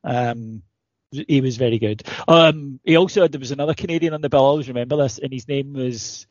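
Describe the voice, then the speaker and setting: A man's voice: mid-range voice, brisk, no room sound, muffled recording. A man co-hosting a casual podcast chat, telling rambling, sweary stories. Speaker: podcast co-host.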